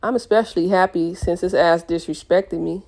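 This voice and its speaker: A woman's voice: on the low side, fairly even intonation, moderate pace, darkish tone, natural voice. A woman reading aloud, voicing a blunt, loyal young woman friend in casual slang.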